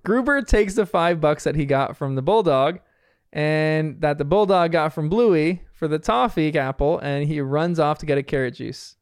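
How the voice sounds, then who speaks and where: A man's voice: a little high, moderate pace, clear, resonant tone, no echo, clean studio sound. A man casually recapping a cartoon episode scene by scene, chatty and often laughing. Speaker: TV episode reviewer.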